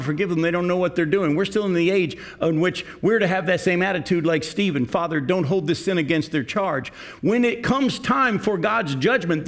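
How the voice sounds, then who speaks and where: A middle-aged male pastor preaching a sermon, earnest and direct, often putting questions to his congregation. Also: high-pitched.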